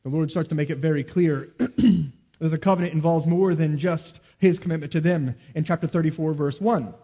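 Pastor guy preaching, voice sits pretty high, earnest, swings loud then soft. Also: normal speed, husky, big-room sound. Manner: earnest preaching, rising to emphatic peaks and dropping low. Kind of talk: sermon.

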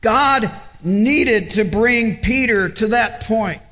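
A male pastor preaching an earnest sermon, with halting repetitions, dropping low and soft when he quotes scripture. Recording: echoey hall.

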